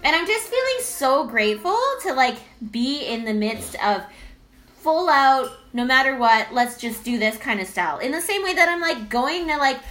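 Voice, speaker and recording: A woman's voice: high voice, moderate pace. A woman talking casually and chattily about her piano practice at home, full of fillers. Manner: chatty, animated, lots of fillers. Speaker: vlogger. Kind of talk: casual reflective vlog talk.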